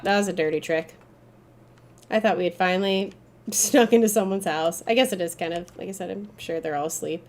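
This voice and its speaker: A woman's voice: lowish voice, creaky. Chatty, cursing woman streamer. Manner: casual and chatty, swears, flares up loudly when frustrated. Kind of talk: live gameplay commentary.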